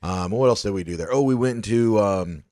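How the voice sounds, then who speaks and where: Low-voiced man telling stories. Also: brisk, a little mellow, dry recording, studio quality. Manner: loose storytelling, swears freely, lots of fillers. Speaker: podcast co-host. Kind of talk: casual chat.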